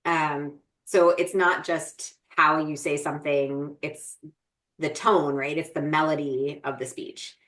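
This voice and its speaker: A woman's voice: deep voice, level tone, slow, fairly bright tone. A woman co-hosting a parenting podcast, explaining ideas in a thoughtful, casual way and often checking in with "right?". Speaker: podcast co-host.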